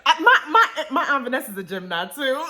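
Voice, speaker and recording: A woman hosting a radio show in casual chat, animated and laughing often as she talks over a group call. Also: high voice, fairly quick, very noisy.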